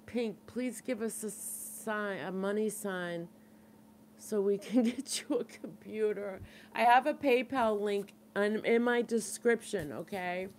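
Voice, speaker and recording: A woman's voice: medium pitch, slow pace, slight background noise. Boston-accented woman in her middle years doing a casual live chat, reads out comments, keeps saying don't give up. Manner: chatty, reads out and answers viewer comments; earnest, urging and reassuring. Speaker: livestream support group host.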